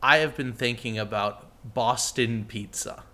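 Playful bright-voiced male podcast host. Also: mid-range voice, unhurried. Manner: playful, jokey, bursts into mock shouting. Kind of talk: casual podcast banter.

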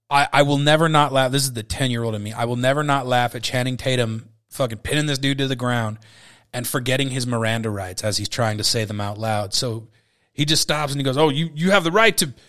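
A man in his thirties hosts a podcast, his medium-pitched voice a bit bright. He gushes casually about a favorite movie in a rambling, profane way, sprinkling in frequent fillers.

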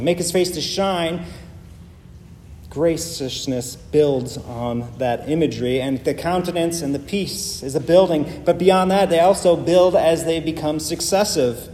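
A man preaches a sermon from the pulpit in a fairly high, mellow voice. He leans on emphatic repetition to drive his points home, and his words trail off into the long reverb of a large church hall over a faint hiss. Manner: emphatic, builds through repeated phrases. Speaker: pastor.

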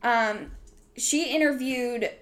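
A young woman hosting a chatty podcast recounts a story at length, her voice sitting a little high. She rambles, circling back with lots of "like" and "um" as she goes. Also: takes it slowly. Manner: rambling, full of "like" and "um". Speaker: podcast host. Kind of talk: casual storytelling chat.

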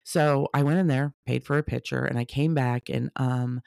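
A woman's voice: a bass voice, steady tone, normal speed, vocal fry, darkish tone, no echo, clean studio sound. A woman telling a personal story in a conversational way, reenacting what people said.

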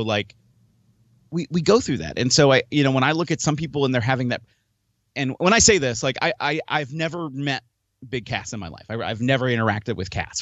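With dull audio and no echo, this man, a wrestler and promoter who hosts a podcast, speaks in a fairly bright, medium-pitched voice. He rambles at length in a casual chat, restarting often and voicing his own thoughts as quoted self-talk.

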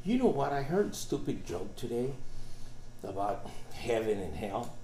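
A man's voice: medium pitch, big pitch swings, normal speed, mellow. A man chatting casually on a podcast and telling stories with lots of swearing, heard in a roomy room. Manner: profane storyteller. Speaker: podcast regular. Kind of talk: casual chat.

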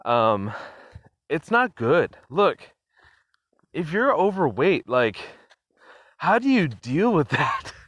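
A man's voice: fairly high pitch, big pitch swings, takes it slowly, long pauses, a bit bright, slightly rough, no room sound. A man hosting his own podcast, talking casually and rambling off on tangents, chuckling often with plenty of fillers, recorded on a phone. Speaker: podcast host. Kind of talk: casual solo podcast monologue.

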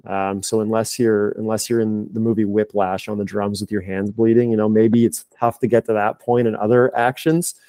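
Thirties male coach, low-pitched, casual rambling podcast talk, dry close sound. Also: little pitch movement, moderate pace, hardly any pauses, dark tone, no room sound. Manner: candid, rambling, frequent fillers and restarts. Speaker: high performance director and strength coach.

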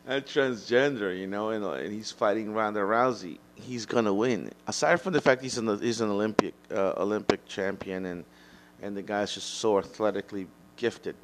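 A man's voice: fairly low pitch, normal speed, a little hiss or hum. A man giving a solo opinion monologue, rambling and blunt, with profanity and frequent restarts. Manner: mocks imagined critics in a raised mocking voice. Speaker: podcast host.

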